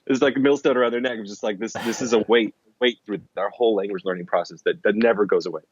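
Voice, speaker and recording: Deep-voiced man rambling in an interview. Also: fairly even intonation, fast, husky, dry recording, highs cut off. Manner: rambling, full of restarts and "like" fillers. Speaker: interview guest, language-learning author. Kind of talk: casual conversational interview.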